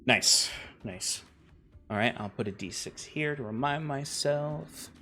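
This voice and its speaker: A man's voice: medium pitch, slow pace, sharp tone. Casual game master guy. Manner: casual, rambling with restarts and laughs. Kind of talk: running a tabletop game.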